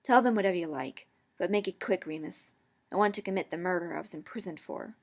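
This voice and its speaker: A woman's voice: fairly low pitch, fast talker. A woman voicing a furious escaped-convict father who bellows and screeches. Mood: grim.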